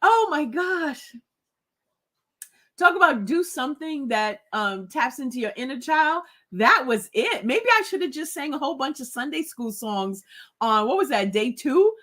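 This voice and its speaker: Hosting a live book club chat, a woman laughs, reads viewer comments aloud, and turns giddy and tearful with joy. Her voice sits high and sounds sharp and very animated, at a measured pace.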